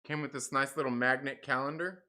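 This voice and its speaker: A man's voice: medium pitch, a little fast. A man hosting a livestream, telling a rambling story in a casual, repetitive way and acting out the people in it. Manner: animated, repetitive, acts out voices in his story; casual, with mild swearing. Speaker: channel host.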